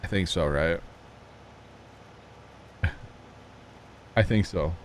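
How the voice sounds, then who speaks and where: A low-pitched man talks extremely slowly, with a little hiss or hum audible, as he chats with viewers during a farming game stream. His talk rambles through folksy stories and asides.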